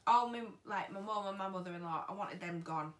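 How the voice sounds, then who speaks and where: A woman's voice: medium pitch, brisk, fairly bright tone, distant mic. A young woman telling a personal story to camera in a chatty way, acting out what others said. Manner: chatty, acts out what people said. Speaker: vlogger. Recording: echoey room, voice a bit off-mic.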